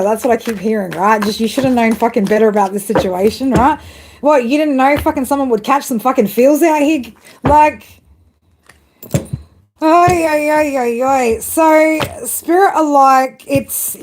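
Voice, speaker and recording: A woman's voice: a little high, darkish tone, slight background noise. A woman doing a casual live tarot reading, chatty and full of swearing, calling her viewers girl and babe. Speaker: tarot reader.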